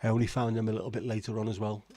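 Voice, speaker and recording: Male livestream host, lowish voice, chatty and sweary, dry close sound. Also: little pitch movement, very fast, mellow, no room sound. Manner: chatty, swears freely, reacts with disbelief. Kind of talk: casual chat reading viewer comments.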